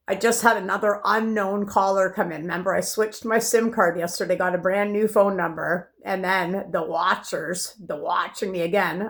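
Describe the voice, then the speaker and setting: Woman ranting into her phone, all over the place, swears a lot, mid pitch. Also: a bit bright. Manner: intense, rambling, swears freely, jumps between topics. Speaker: vlogger. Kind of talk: rambling monologue to camera.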